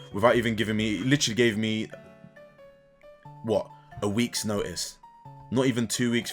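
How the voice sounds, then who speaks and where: A young man in casual gaming commentary, an animated storyteller who swears and keeps tagging "right?" as he vents about coaching. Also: fairly low pitch. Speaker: gaming YouTuber and kids' sports coach. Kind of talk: casual ranting commentary over gameplay.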